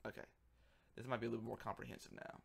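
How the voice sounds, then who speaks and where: A man's voice: mid-range voice, little pitch movement, racing, gravelly, slight background noise. A man talking casually on a livestream as he works, rambling, joking and muttering to himself. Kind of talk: casual livestream chat while working.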